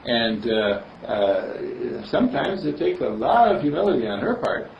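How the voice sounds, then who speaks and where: A man's voice: medium pitch, very animated, unhurried, creaky, a little hiss or hum. Rambling male preacher in an echoey hall. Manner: rambling, chuckling, storytelling. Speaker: minister. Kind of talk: spiritual sermon. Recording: distant roomy dull recording.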